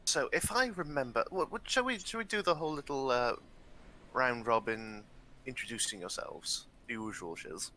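A man's voice: medium pitch, lively intonation, moderate pace, pushed and bright, slight background noise, poor audio. A man acting as game master for an online tabletop game, talking in a loose, joking, stop-start way.

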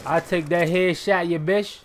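Young male gamer, live commentary; slightly high voice, excitable, curses and yells at plays. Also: measured pace, slight background noise. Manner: excitable, swears, bursts into shouts. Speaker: gaming commentator.

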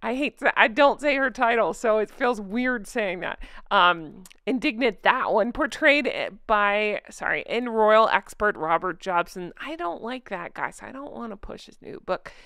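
A woman's voice: medium pitch, expressive, moderate pace, few pauses, a bit bright, no echo, studio quality. A woman hosting a commentary vlog, sarcastic and scornful, laughing often. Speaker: royal commentary channel host.

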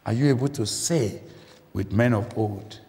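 A man's voice: fairly low pitch, unhurried, mellow. A man preaching a sermon, emphatic and questioning his listeners, often repeating phrases for weight. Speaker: guest preacher. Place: church. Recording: church recording with long reverb.

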